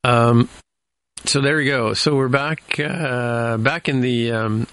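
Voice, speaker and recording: A man's voice: mid-range voice, fairly even intonation, slow pace, fairly bright tone. A man casually recapping a TV episode as a podcast co-host, rambling with many fillers and restarts.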